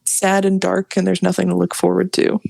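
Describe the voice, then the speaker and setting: A young woman co-hosting a podcast in relaxed, laid-back casual chat. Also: on the low side, brisk, creaky, dry recording. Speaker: podcast co-host.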